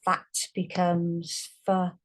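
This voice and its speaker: A woman giving a phonics lesson, slowly sounding out and stretching each word for young readers. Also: lowish voice, completely flat delivery. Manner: slow, drawn-out sounding out of words. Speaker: teacher.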